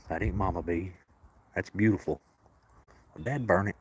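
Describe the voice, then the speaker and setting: A man, casually live-streaming outdoors while feeding and softly coaxing the cats of a colony. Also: low-pitched, normal speed, pauses often, husky, no echo, low-quality recording. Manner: folksy, talks softly to the cats and coaxes them. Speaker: cat sanctuary caretaker streaming live.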